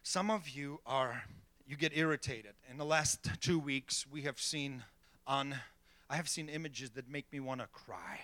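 A man's voice: mid-range voice, a little slow, sharp tone, dry recording. A middle-aged man preaching a sermon as pastor, emphatic, checking in with the congregation with repeated "okay?" and "amen.".

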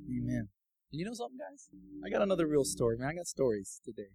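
Guy preaching his testimony, kinda high voice, chatty then gets fired up, dry close sound. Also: sing-song, fast, gravelly, husky, no echo, poor audio. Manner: casual and conversational, building to fervent loud preaching. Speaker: lay preacher giving testimony. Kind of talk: sermon with personal testimony.

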